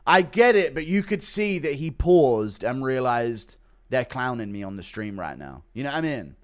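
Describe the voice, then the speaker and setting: A man hosts a casual livestream, reading donations aloud and reacting in a blunt, swear-heavy way. He rambles, circling back with fillers and half-finished thoughts, at an everyday middle pitch. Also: very animated, moderate pace. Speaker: streamer reacting to MMA news.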